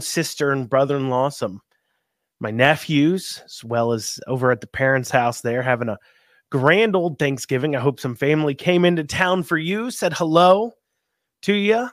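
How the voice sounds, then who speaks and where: A man's voice: a little high, no room sound, clean studio sound. Folksy man hosting talk radio. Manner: rambling, folksy, many ums and restarts. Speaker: radio talk show host. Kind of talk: casual political talk radio.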